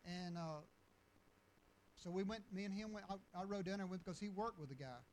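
A man's voice: high voice, a little fast, a little mellow, a little hiss or hum, poor audio. A man preaching and telling stories in a folksy, rambling way, with restarts and chuckles. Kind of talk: storytelling sermon.

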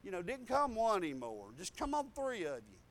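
A man's voice: wildly swooping pitch, a little fast, a bit bright. An older man, preaching a folksy sermon full of stories, laughter and hallelujahs. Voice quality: high-pitched. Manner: rambling storytelling with laughs and hallelujahs.

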